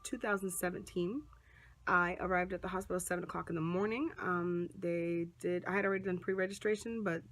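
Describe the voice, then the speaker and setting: A woman vlogger chatting to a small camera at close range, lively and animated, acting out what others said. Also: on the low side. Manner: chatty, animated, acts out quoted voices. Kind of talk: casual storytelling to camera. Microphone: phone or small camera close up.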